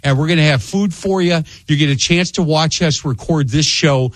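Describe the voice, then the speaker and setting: A middle-aged man hosts a radio interview show, telling stories animatedly and acting out voices in his anecdotes. His slightly high voice moves at normal speed in a dry recording.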